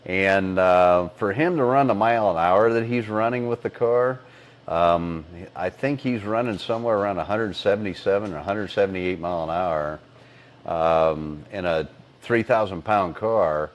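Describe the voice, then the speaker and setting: Low-voiced man in rambling shop talk. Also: normal speed, lo-fi sound. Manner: rambling, with many fillers and throat clearing. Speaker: engine builder and podcast co-host. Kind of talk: casual technical shop talk. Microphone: lapel mic on collar.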